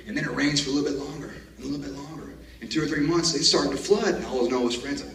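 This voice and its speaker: A man's voice: on the high side, very animated, fairly quick, noisy background. A man gives a graduation speech, telling army stories in a joking, folksy way. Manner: folksy storyteller, jokes and laughs at his own stories. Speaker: graduation speaker. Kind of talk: commencement speech. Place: large hall. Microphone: far camera. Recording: echoey hall, distant camera.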